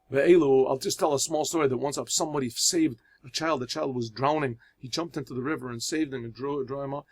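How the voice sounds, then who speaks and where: With a slightly high voice, this man leads a religious lesson as a rabbi, voicing Hebrew phrases and then explaining them one by one in English. His parables come with pauses and fresh starts.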